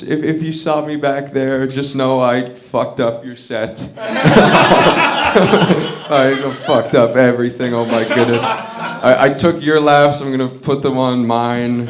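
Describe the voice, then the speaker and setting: Man comedian, open mic, slow stammering delivery, hesitant one-liners. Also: mid-range voice, level tone, noisy background. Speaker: stand-up comedian. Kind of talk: stand-up set at an open mic.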